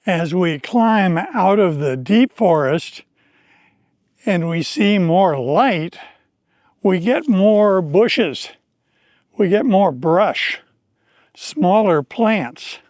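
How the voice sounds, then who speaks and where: A man teaching English in slow, deliberate, clearly explained speech while hiking outdoors on a forest trail. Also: high-pitched, animated, darkish tone, no room sound, clean studio sound.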